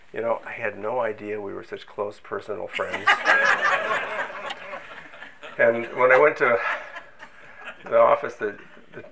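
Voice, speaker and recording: A man's voice: on the low side, gravelly, a bit bright, a little hiss or hum, low-quality recording. An older man from Minnesota recounting his scientific career in a storytelling way, with self-deprecating humor and frequent false starts. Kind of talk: oral history storytelling.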